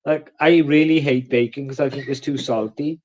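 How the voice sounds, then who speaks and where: A man's voice: mid-range voice, fairly even intonation, normal speed, darkish tone. A man hosting a casual livestream, ranting and swearing in between jokes. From Wales. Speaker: livestream host.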